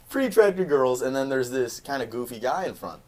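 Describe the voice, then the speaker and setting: A young man hosting a casual podcast, an animated storyteller who laughs often. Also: medium pitch, brisk. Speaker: podcast host.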